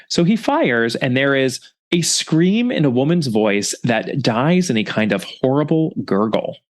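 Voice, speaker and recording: A man hosting a book review podcast, retelling a story in a chatty way with wry, sarcastic asides. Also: medium pitch. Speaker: podcast host.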